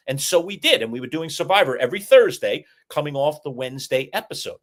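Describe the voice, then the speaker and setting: A middle-aged man co-hosting a sports talk show, chatting and telling stories in an animated way. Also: mid-range voice, quick pace, hardly any pauses. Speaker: co-host.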